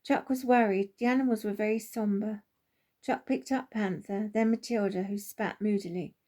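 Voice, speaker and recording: A woman narrating a children's story aloud, gently and expressively. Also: mid-range voice, normal speed. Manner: gentle, expressive, does voices for each character. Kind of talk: storybook narration with character voices.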